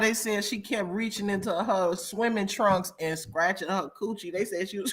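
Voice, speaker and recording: Hosting a casual live-stream reaction chat, a woman speaks at a moderate pace with few pauses in a mid-range, slightly rough voice and fairly even intonation. Still, her style is dramatic and gossipy, with loud, frequent laughs and shifts between loud outbursts and quiet asides.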